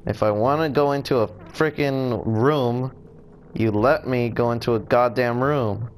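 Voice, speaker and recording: A man's voice: mid-range voice, unhurried, slight background noise. A young man commentating a game as he plays, frustrated, swearing and exclaiming at what happens on screen. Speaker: gameplay commentator. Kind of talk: let's play commentary.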